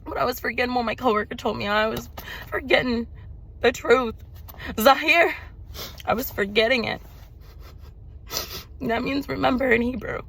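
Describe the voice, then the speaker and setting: A woman's voice: fairly high pitch, steady tone, normal speed, vocal fry, long pauses, fairly bright tone, husky. Emphatic, swearing woman preaching to viewers. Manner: emphatic, profane, repeats phrases for emphasis; preachy, addresses viewers directly. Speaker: spiritual vlogger. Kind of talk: emotional personal testimony.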